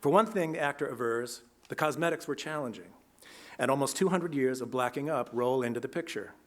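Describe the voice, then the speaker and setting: Measured man reading a lecture. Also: medium pitch, a bit bright. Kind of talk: academic lecture.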